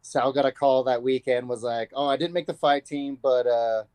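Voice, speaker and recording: A man's voice: medium pitch, fairly even intonation, normal speed, darkish tone, clear, resonant tone, dry recording. A man in his thirties telling a story casually in an interview, loose and profane, acting out what people said. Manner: loose, profane, acts out quotes. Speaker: fighter being interviewed.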